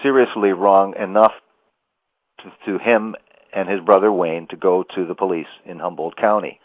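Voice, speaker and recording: Low-voiced male radio host prompting a guest. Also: fairly even intonation, normal speed, no echo, narrow, tinny audio. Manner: prompting the guest with repeated emphatic phrases. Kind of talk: radio interview.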